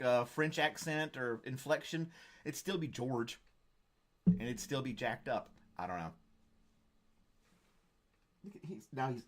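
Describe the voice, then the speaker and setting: A man hosts a casual live stream and chats with viewers. He rambles from joke to joke in a relaxed, offhand way. His voice sits at an ordinary mid pitch. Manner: rambling, jokey, reads viewer comments. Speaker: host.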